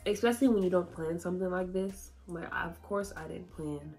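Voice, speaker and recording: A woman's voice: on the low side, fairly quick, mellow, soft background music. A woman, talking casually and emotionally to her viewers, laughing and fighting back tears. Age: 20s. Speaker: YouTuber. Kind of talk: casual vlog talk to viewers.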